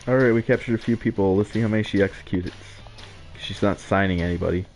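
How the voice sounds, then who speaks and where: A man's voice: on the low side, fast talker, a little mellow, faint music behind. A young man giving casual, rambling commentary over his gameplay, with frequent filler words and chuckles. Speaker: let's play gamer.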